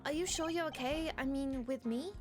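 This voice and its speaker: A woman's voice: high-pitched, normal speed. A woman streaming a game at home on a desk mic, chatting in a self-mocking way and reading the dialogue aloud. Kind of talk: casual let's play chat, reading game dialogue. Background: game music.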